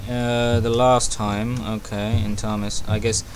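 A man's voice: lowish voice, a little slow, slight background noise. A young man hosting a gaming channel, chatting to himself as he plays, with sudden yelps and exclamations. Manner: excitable, talks to himself, frequent yelps. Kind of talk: let's play commentary.

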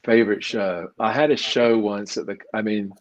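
A middle-aged man with a slightly low voice and an English accent that has picked up a hint of Canadian. He talks loosely and tells stories, often stopping to restart a sentence. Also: steady tone, moderate pace, rough recording. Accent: English, drifting toward Canadian. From England. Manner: chatty storyteller with frequent restarts. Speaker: magician and actor guest. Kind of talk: casual chat.

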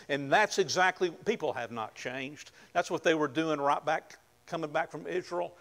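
A man preaching a conversational sermon, often dropping to a hushed tone and rising to emphatic points. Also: a little high. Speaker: pastor.

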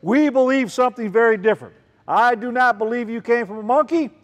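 A man, a children's ministry speaker giving an animated talk to a group of kids and calling out questions to them. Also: very high voice, brisk. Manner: animated, calls out questions to the crowd. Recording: long reverb, large hall.

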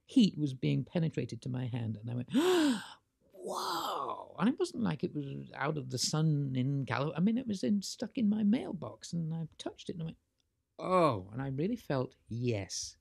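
British-born male guest, mellow and dark, creaky, animated storyteller, dry sound. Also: a little high, dry recording. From Britain. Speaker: interview guest, author. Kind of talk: storytelling conversation.

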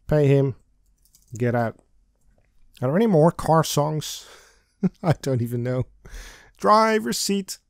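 A man's voice: a little high, expressive, slow pace, gravelly, pauses often, clean tone, no echo, clean studio sound. A young man narrating a let's play, chatting, giggling and humming as he reads and clicks along. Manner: chatty, giggly, hums and sings snippets. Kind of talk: game commentary and text reading.

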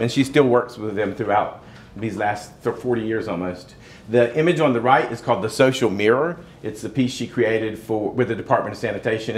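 Chatty Southern man giving a slide talk. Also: mid-range voice. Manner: conversational, with fillers and wry asides. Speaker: museum talk speaker. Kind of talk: casual slide lecture. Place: museum lecture room.

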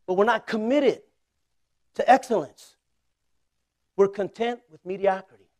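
A pastor in his forties with a fairly high voice preaches in a loose, joking way. He laughs easily as he tells his story, jumps to loud bursts, then drops to quiet asides. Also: measured pace, dry recording. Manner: conversational and humorous, often laughing. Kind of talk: storytelling sermon.

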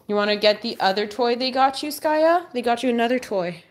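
A woman hosting a casual livestream, who talks to her dog in a high sing-song voice, drops low for asides and exclaims and laughs often. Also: lively intonation, fairly quick, slight background noise.

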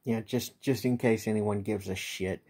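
A tired man venting in a bitter, profane late-night vlog monologue, with many halting restarts. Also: on the low side, fairly even intonation, darkish tone, slightly rough. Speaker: vlogger.

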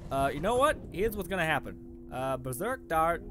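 A young man giving casual, excitable gameplay commentary, swearing a lot and yelling at enemies as he plays. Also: fairly high pitch, normal speed, a little hiss or hum. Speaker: let's play gamer.

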